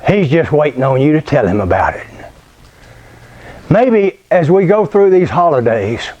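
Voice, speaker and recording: A man preaching a sermon through a folksy, unhurried personal story. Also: fairly high pitch, very animated, a little mellow, muffled recording.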